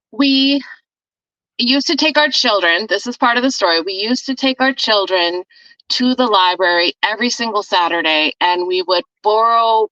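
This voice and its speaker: A woman guest with a bright, forceful voice tells a story in a lively, casual way, laughing as she goes. The sound is dry and a little dull. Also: medium pitch, no echo. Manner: animated, laughs often while telling a story.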